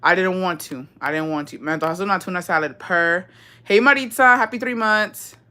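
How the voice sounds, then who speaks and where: Young woman, deep and a little raspy, bright edge to the tone, casual profane livestream chatter with Spanish slipped in. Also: fairly quick. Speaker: livestream host. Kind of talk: casual livestream chat reading comments.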